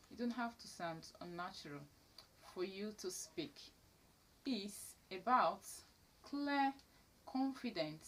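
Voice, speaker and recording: A woman's voice: medium pitch, slight background noise. A woman teaching elocution to camera, stressing key words and repeating her main points. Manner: emphatic, repeats key phrases. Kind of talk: instructional talk to camera.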